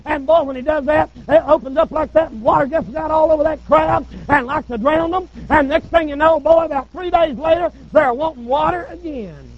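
A preacher telling folksy, humorous stories in a sermon. His voice is very high and sits on a dull, lo-fi recording. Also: a little fast, few pauses.

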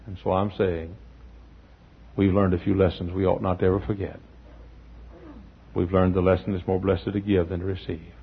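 A male pastor preaching a sermon in a church, telling stories, acting out the people in them and often clearing his throat. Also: low-pitched, flat delivery, moderate pace, pauses often. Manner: storytelling, acting out quotes, frequent throat clearing. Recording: dull lo-fi sermon recording.

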